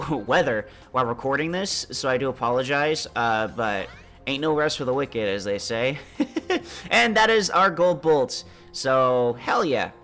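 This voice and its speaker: A man's voice: medium pitch, lively intonation, normal speed, fairly bright tone, faint music behind. A man with a congested voice, casually talking through a video game as he plays and explaining each step. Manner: laid-back, chatty, explains as he plays. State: congested, under the weather. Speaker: gameplay commentator. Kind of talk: casual let's-play commentary.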